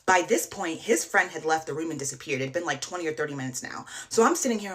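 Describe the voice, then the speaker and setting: A young woman telling a story in a casual storytime vlog, animated, saying "like" constantly and swearing freely. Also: lowish voice, fast talker, hardly any pauses. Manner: animated, heavy use of "like", frequent swearing.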